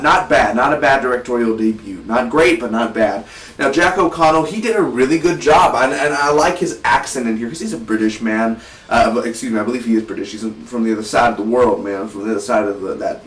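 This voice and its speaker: An eighteen-year-old man talks through a movie review with loose, excited energy, often restarting his sentences. His voice sits at an ordinary middle pitch. It is recorded in a roomy space, a little away from the mic. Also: distant mic. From South Texas. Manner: energetic, rambling, frequent restarts. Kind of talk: casual movie review vlog. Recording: roomy, voice set back from the mic.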